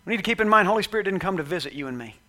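A male pastor preaching an animated, conversational sermon who slips into acted-out quotes. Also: high-pitched, rapid-fire.

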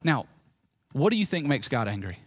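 A man with a Southern US accent preaching a sermon as pastor, swinging between loud emphasis and quiet, low moments. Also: big pitch swings, normal speed.

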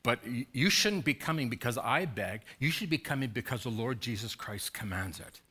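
A man's voice: medium pitch, expressive, normal speed, bright, forceful tone, breathy edge. A man preaching a sermon as pastor, urging and pleading with his congregation through emphatic repeated questions.

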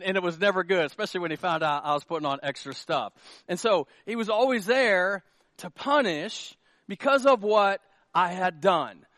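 Middle-aged male pastor, high voice, dry close sound, chatty sermon with punchy jokes and loud peaks. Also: no echo. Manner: joking, conversational preaching with rising emphatic peaks. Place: church sanctuary.

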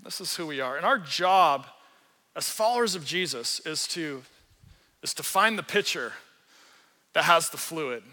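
A man pastor preaching a sermon in an animated, earnest storytelling way, acting out the quotes he tells. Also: fairly high pitch, unhurried, pauses often, in a large hall.

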